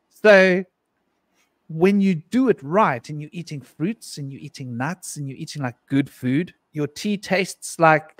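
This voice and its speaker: A middle-aged man tells a loose, rambling personal story to a live panel, chuckling between lines and slipping into voices for what others said. His voice sits a touch high for a man. The sound is close and dry. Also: a little slow, dry recording. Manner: rambling, laughs often, acts out quotes. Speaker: panel guest.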